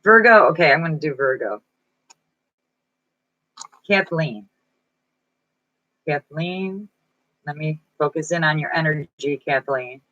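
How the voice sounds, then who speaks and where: A woman's voice: sits low, animated, slow pace, long pauses, a bit bright, dry recording, lo-fi sound. A woman chatting casually on a live stream as a psychic reader, reading viewers' comments aloud and answering them, sounding weak and foggy-minded. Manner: reads viewer comments aloud and chats back. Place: indoor room at home.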